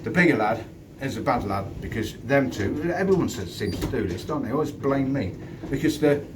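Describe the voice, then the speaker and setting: A man's voice: mid-range voice, lively intonation, normal speed. Blunt, sweary former doorman outdoors. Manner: blunt, sweary, stop-start storytelling. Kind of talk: casual storytelling to camera. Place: outdoors in the wind. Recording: distant mic with wind noise.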